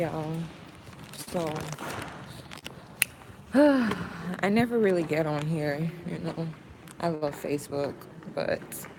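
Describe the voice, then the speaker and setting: A young woman chatting slangily and boastfully on a casual live phone video. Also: on the low side. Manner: slangy, chatty, self-hyping. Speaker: live-stream host. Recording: noisy with vehicle sounds behind.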